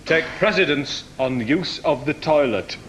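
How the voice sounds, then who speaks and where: A man co-hosting a comic quiz show, delivering absurd jokes deadpan. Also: on the high side, unhurried. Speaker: game show co-host. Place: TV studio. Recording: echoey studio with loud noise.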